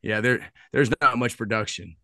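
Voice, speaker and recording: A man's voice: mid-range voice, moderate pace, gravelly, sharp tone, no room sound, clean studio sound. A man, a football coach, chatting as a podcast guest in an easygoing, self-deprecating way. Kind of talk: casual chat.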